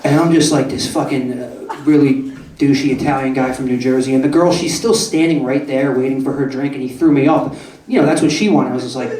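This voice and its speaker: A man's voice: mid-range voice, brisk, far from the mic, noisy background. A young man doing a stand-up comedy set in a club, brash and profane, often asking the crowd "right?". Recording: roomy club echo, voice off-mic.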